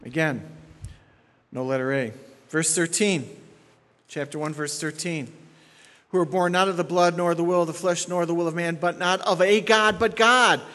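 A man's voice: fairly high pitch, fairly even intonation, normal speed, pauses often, sharp tone, big-room sound. A man preaching an expository sermon as pastor, emphatic and repeating key points for stress.

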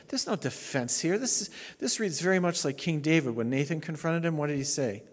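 A middle-aged man, a pastor, preaching a sermon emphatically, swinging between hushed and loud, sounding tired. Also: fairly high pitch, lively intonation, brisk. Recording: long hall reverb.

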